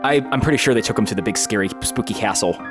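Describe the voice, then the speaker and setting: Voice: medium pitch, fast, music in the background. A player at a tabletop game who talks in a jokey, playful way while describing his character's actions. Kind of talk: casual tabletop play.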